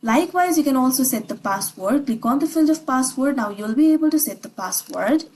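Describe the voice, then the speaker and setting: A woman's voice: sits high, expressive, brisk, darkish tone, a little hiss or hum, low-quality recording. A woman narrating a scripted screen tutorial, giving step-by-step instructions in repetitive phrasing.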